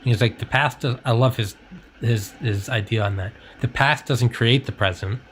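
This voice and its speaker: A man at an ordinary mid pitch, rambling through a loose casual chat. He swears freely and fills his talk with "like" and "you know." A faint hiss of noise sits under the voice. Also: normal speed.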